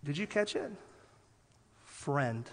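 A man preaching a sermon as pastor, telling lively stories and then dropping quiet for emphasis. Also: high voice, fairly quick. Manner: animated storytelling, drops soft for emphasis. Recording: long hall reverb.

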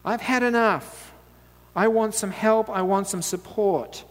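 A man voicing a flustered, put-upon woman host who frets and grows exasperated as she rushes to serve a meal, heard with long church reverb. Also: on the high side, very animated, slightly rough, pitched above the performer's own voice. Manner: rapid fretting, rising exasperation.

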